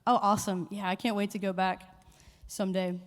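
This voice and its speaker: A woman speaks into a handheld microphone before a live congregation, and her voice rings through a hall with long reverb. Her tone is playful and lively, teasing the room with quick questions and call-and-response. Her pitch sits mid-range for a woman. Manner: playful, quizzing the audience, animated. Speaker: worship leader giving a short church talk. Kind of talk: informal sermon with audience call-and-response.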